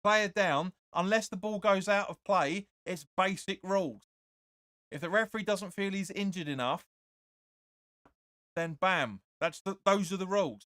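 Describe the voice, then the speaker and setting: Recorded in clean studio sound with no echo, this high-sitting male voice moves at a measured pace. He's running a fan watch-along, providing live match commentary and reading viewers' comments, and his excitable, opinionated takes keep returning to "sorry, but no."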